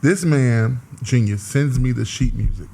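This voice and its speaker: A man, a singer-songwriter guest, telling stories in an animated, casual way during an interview. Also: mid-range voice, measured pace, gravelly, slightly rough. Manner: animated storyteller, laughs easily.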